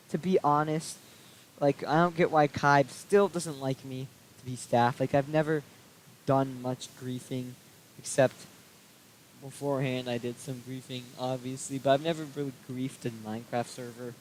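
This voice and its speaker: A man's voice: mid-range voice, steady tone, moderate pace, slight background noise, low-quality recording. A young man vlogging a casual storytime rant, aggrieved and swearing freely as he recounts a falling-out. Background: soft background music.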